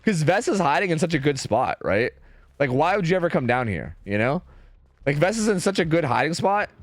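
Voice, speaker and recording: Lively, chatty male game commentator. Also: on the high side, fairly quick, no echo. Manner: loose, chatty and profane, thinking aloud. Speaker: streamer casting a match. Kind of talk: casual esports commentary.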